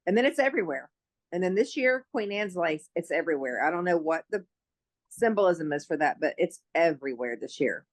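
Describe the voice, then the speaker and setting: A woman in a casual spiritual chat, relaxed and giving short agreeing replies. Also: lowish voice, fairly quick, no echo.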